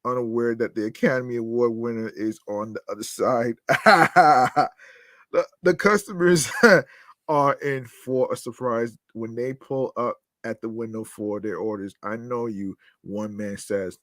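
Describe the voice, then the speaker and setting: A man's voice: medium pitch, level tone, normal speed, hardly any pauses, no room sound, clean studio sound. A man hosting a podcast, reading news stories aloud with casual commentary, swearing freely, laughing at his own asides and stumbling over words as he reads. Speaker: podcast host.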